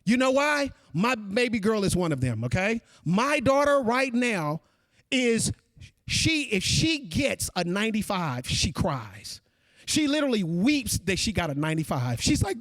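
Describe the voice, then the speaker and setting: His pitch is extremely high and his delivery a little slow as he gives a conference keynote. He's animated, speaking right to the listeners and referring to them as folks, in a recording with no room sound.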